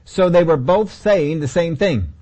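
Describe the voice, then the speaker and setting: A man's voice: a little high, animated, measured pace, darkish tone. A man teaching a Bible study sermon in a conversational way, often repeating key phrases.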